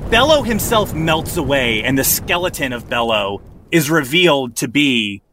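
A man's voice: medium pitch, big pitch swings, moderate pace, noisy background. A man narrating as game master in a casual, rambling way with fillers.

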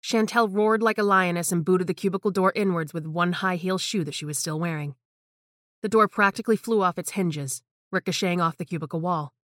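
Woman narrating a horror story, low and dry. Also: fairly quick, fairly bright tone, dry recording.

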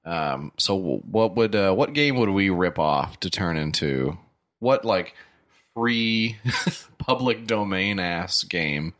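Deep-voiced man riffing crude jokes. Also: animated, takes it slowly, fairly bright tone. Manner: crude, joking riffs. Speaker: podcast co-host. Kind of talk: casual comedic chat.

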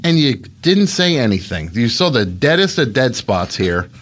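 A man's voice: mid-range voice, very animated, normal speed, a bit bright. A man hosting an improvised comedy podcast bit, sarcastic and grumbling.

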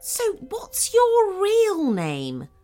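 A woman's voice: extremely high pitch, wildly swooping pitch, drawn-out words, mellow, soft background music, voice pushed up, heavily acted. A woman voicing a friendly, thoughtful male companion in a children's story. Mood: musing.

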